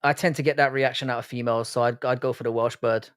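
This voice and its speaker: A man's voice: mid-range voice, steady tone, fast talker, fairly bright tone, clear, resonant tone. An Irish man hosting a live fight watch-along stream, reacting casually and profanely and reading out chat messages. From Ireland. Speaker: livestream host.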